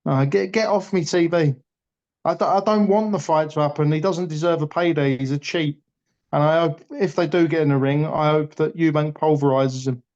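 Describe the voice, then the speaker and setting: A man's voice: fairly high pitch, steady tone, moderate pace, a little mellow. A man chatting casually about boxing on a podcast, blunt and passionate, swearing freely. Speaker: boxing pundit. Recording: dull lo-fi audio.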